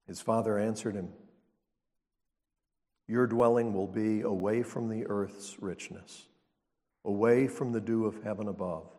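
A man's voice: lowish voice, fairly even intonation, a little slow, long pauses, dark tone. A man preaching a sermon as pastor, teaching in a conversational way and asking the congregation rhetorical questions. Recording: long reverb of a large hall.

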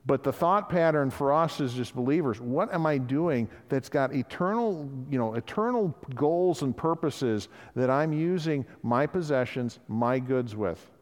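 A man's voice: mid-range voice, animated, unhurried, few pauses. Conversational male preacher in a reverberant hall. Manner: conversational, acts out quoted voices. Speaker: pastor. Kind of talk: sermon.

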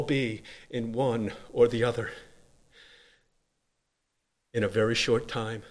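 A man preaching a sermon in an earnest voice, swinging from loud emphatic lines to quiet low ones. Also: fairly even intonation, takes it slowly, pauses often.

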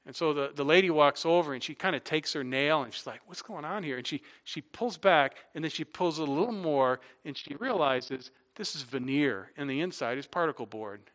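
A man's voice: on the high side, normal speed, hardly any pauses, a bit bright. A male pastor preaching a sermon, telling everyday stories, repeating his main point with emphasis, and closing in prayer. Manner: illustrative storytelling and emphatic repetition, closing in prayer.

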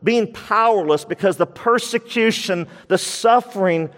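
Male pastor, high voice, emphatic sermon delivery with repeated points, church hall with long reverb. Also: measured pace, a bit bright. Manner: emphatic, repeats key phrases.

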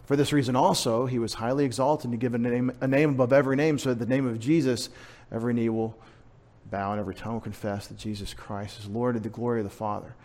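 A man's voice: medium pitch, steady tone, fast talker, a little mellow. Emphatic male pastor preaching a sermon. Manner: conversational, emphatic, asks the congregation questions.

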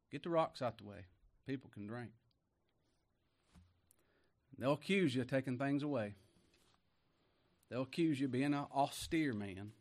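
A man preaching a sermon in a plain-spoken style, rising to loud emphasis when he reads scripture. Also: mid-range voice.

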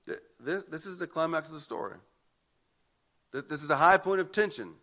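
A man's voice: fairly high pitch, lively intonation, a little fast, fairly bright tone. A man preaching an expository sermon, emphatic and often repeating words as he builds a point. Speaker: pastor.

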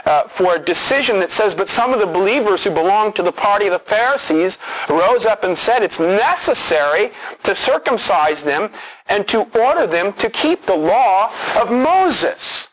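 A man's voice: high voice, expressive, moderate pace, fairly bright tone, rough recording. A man preaching an expository sermon, earnest and emphatic, repeating key words for stress.

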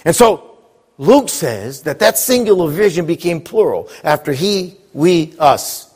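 A man's voice: a little high, big pitch swings, a little slow, darkish tone, breathy edge. A man preaching a sermon to a congregation, drawing call-and-response answers from the room. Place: church with congregation. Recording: echoey hall.

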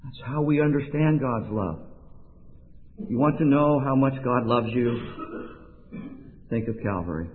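A man preaches a sermon, unhurried and emphatic, leaning into pauses. His voice has a thin, narrow-band tone, as if heard over a phone line. It rings with a long reverb, like a big church hall. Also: mid-range voice, a little hiss or hum. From Oregon, USA.

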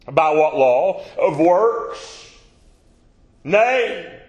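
A man preaching a sermon, moving from hushed, quiet asides to loud, stretched-out proclamations. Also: a little high, animated, roomy sound. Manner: swings between hushed asides and rising, drawn-out proclamation.

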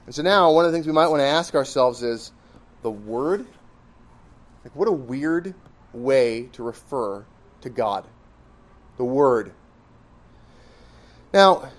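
A man preaching a sermon, reasoning through his points step by step with emphasis. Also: fairly high pitch. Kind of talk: sermon teaching.

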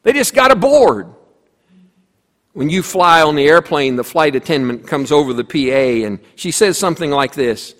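A man's voice: on the high side, very animated, normal speed, a bit bright. A man preaching a sermon as pastor, telling a story with voiced characters and emphatic repetition. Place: church sanctuary. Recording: long reverb of a church hall.

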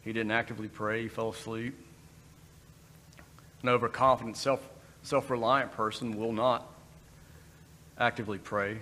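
A man's voice: on the low side, flat delivery, moderate pace, pauses often, bright, forceful tone. A man giving a conversational sermon, breaking into brief acted quotes. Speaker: preacher. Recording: long reverb in a hall, faint background noise.

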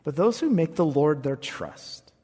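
A man preaching a sermon, reading scripture with emphasis and rising high on the quoted verses. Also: expressive, unhurried, dark tone, husky. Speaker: pastor. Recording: long reverb of a large hall.

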